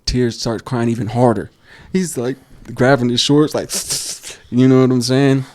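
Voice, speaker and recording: A man co-hosting a basketball podcast, telling coaching stories in a casual, animated way and acting out quotes. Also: medium pitch, a little slow, no echo. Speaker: podcast co-host. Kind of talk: casual storytelling chat.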